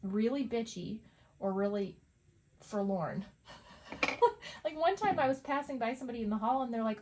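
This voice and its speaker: A woman's voice: on the high side, animated, moderate pace, pauses often, darkish tone. A middle-aged woman at home, chatting casually and rambling while she paints, laughing often. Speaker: art vlogger. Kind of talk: casual chat over painting.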